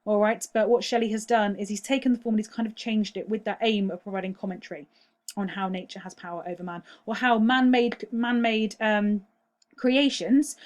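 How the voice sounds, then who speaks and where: A woman's voice: medium pitch, a little mellow. A young woman teaching a recorded online lesson, patient and explanatory, often checking "all right?" with many ums.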